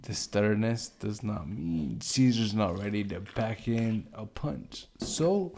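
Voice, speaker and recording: A man from Chicago co-hosting a casual podcast, playful and theatrical, jumping between loud bursts and quiet asides. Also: lowish voice, lively intonation, takes it slowly, vocal fry. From Chicago, Midwest US. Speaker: podcast co-host.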